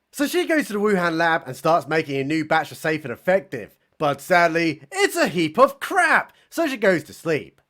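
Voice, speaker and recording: A man's voice: high voice, fairly bright tone. A man recapping a film in a sarcastic, mocking comedy style. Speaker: film reviewer.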